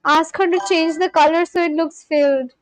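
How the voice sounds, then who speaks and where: A woman's voice: very high voice, fairly even intonation, moderate pace, no room sound, rough recording. A young woman chatting casually on a livestream, gushing and exclaiming often as she reacts to viewers.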